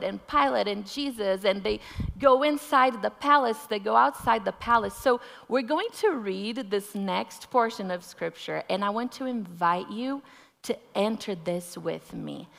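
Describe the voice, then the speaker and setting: Slow, gravelly woman preaching. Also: mid-range voice, fairly bright tone, in a large hall. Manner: conversational, vivid storytelling. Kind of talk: sermon with scripture reading.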